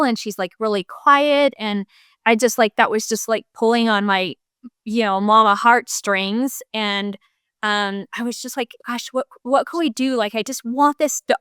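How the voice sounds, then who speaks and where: A woman's voice: a little high, smooth, no echo, studio quality. A woman co-hosting a podcast, a mother talking in a chatty way full of "like" and "you know". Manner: chatty, warm interviewer tone, lots of "like" and "you know". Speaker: podcast co-host. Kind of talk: casual podcast conversation.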